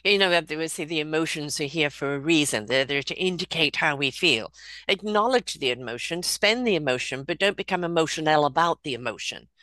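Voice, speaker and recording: Bright-voiced woman hosting an interview. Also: low voice, expressive, fairly quick, dry recording. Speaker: podcast host. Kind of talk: conversational podcast interview.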